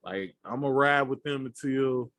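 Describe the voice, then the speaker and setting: A man co-hosting a podcast in casual chat, telling stories in an animated way and acting out his own reactions. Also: medium pitch, measured pace. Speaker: podcast co-host.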